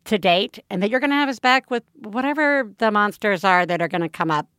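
A woman co-hosting a parenting podcast in casual chat, effusive and animated, laughing often. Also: medium pitch, brisk, clean tone, no room sound, clean studio sound. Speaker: podcast co-host.

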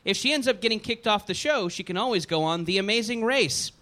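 A man's voice: high-pitched, lively intonation, fairly quick, pushed and bright. A man hosting a live comedy quiz show on stage, reading out questions and cracking jokes between them. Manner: jokey, reads questions then riffs.

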